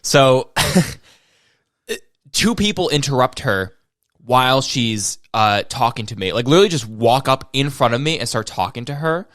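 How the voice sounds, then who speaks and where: A man's voice: medium pitch, animated, a little slow, a bit bright, no room sound, studio quality. A young man co-hosting a casual podcast, telling a story with lots of swearing and quoted voices. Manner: swears a lot, tells stories with quoted voices. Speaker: podcast co-host. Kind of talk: casual chat.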